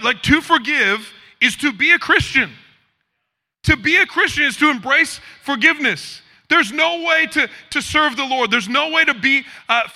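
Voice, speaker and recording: A man preaching a sermon as pastor, animated and acting out the quoted figures. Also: very high-pitched. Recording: hall reverb.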